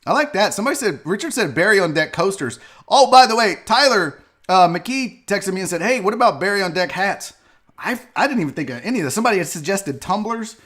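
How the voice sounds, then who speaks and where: A man hosting a live online sports and comedy show, his voice bright and sharp. His pitch swings widely as he rambles to viewers by name and swears freely. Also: expressive, fast. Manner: loud, profane and joking, often laughing and shouting while reacting to clips. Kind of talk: casual live-stream commentary.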